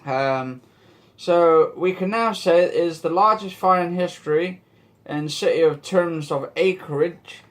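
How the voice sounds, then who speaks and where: A man's voice: fairly high pitch, a little slow. A man hosting a casual news commentary vlog, rambling and joking as he talks and swearing now and then. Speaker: vlog host.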